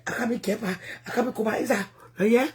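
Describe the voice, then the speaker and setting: Liberian lady ranting on her vlog, high voice, all over the place. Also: brisk, a little mellow. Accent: Liberian English. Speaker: vlogger. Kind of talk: casual commentary vlog.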